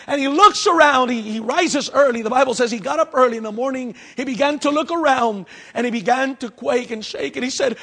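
Bright high-voiced preaching man. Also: brisk, few pauses, husky. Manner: dramatic preaching, swinging from loud to hushed. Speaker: pastor. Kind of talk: sermon.

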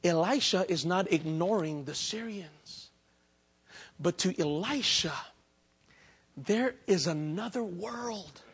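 With a very high, bright voice carrying a breathy edge, a pastor preaches slowly and animatedly in a church, pausing often. He shifts from dramatic near-shouts down to soft, intimate asides.

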